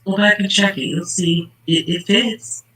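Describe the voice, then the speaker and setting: A channel host gives casual commentary on a true-crime case, growing worked up and emphatic as he addresses the people involved directly. His voice is high, bright, forceful and husky, with a steady tone and an unhurried pace. The recording quality is low.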